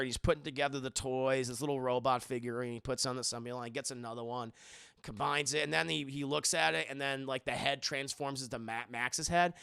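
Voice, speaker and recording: A man's voice: a little high, gravelly, pushed and bright, clean tone, no room sound, studio quality. A man casually reviewing a movie on a live stream, rambling, swearing and talking to his chat. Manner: rambling, profane, talks to chat.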